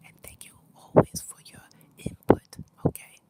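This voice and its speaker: A woman with laryngitis talking in a whisper with her mouth close to the mic, chatting casually on a livestream with many pauses and fillers. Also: mellow. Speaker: livestream host.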